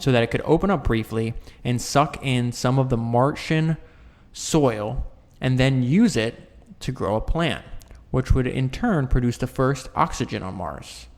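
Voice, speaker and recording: A man at an ordinary middle pitch reads a nonfiction book aloud. He often trips over words and restarts the sentence, and he drops in offhand explanations for the listener. His voice rings with a long echo, as if he is in a large hard room. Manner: stumbles and restarts mid-sentence, corrects himself. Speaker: book reader and commentator. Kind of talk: reading a nonfiction book aloud with casual asides.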